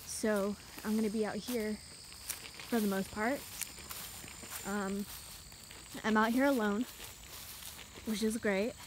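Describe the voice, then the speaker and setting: A young woman vlogger rambles casually while walking through woods and a rural field, a bit out of breath. Her mid-range voice is slow and fairly even, with long pauses, and the poor audio picks up wind and insects.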